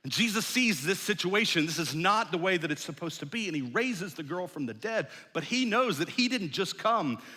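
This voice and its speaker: A man, a pastor, preaching a sermon in a conversational storytelling way that often drops soft and low. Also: animated, normal speed, few pauses. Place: large church hall. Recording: long hall reverb.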